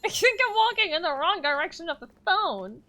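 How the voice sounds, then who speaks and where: A woman's voice: very high voice, sing-song, brisk, sharp tone. A woman streaming a game live, laughing often and chatting playfully with viewers. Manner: giggly, playful, thanks viewers.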